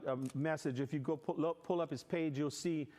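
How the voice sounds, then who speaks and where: A middle-aged man, a guest cook, explaining his cooking step by step in a relaxed, rambling way. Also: fairly high pitch, brisk. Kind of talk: casual explanation.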